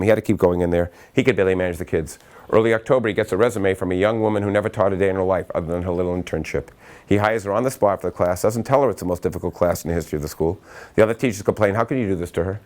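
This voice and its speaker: A man giving a motivational talk to school staff, telling anecdotes in a lively way and acting out the quotes. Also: low voice. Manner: animated anecdotal storytelling, acts out quotes. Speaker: speaker at a staff training.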